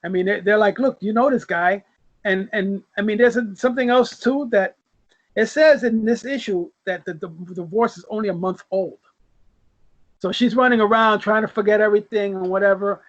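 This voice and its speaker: A man with a fairly high voice speaks as a guest on a comic book discussion. His audio sounds dull and lo-fi. He laughs often and repeats words while he gathers his thoughts. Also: normal speed.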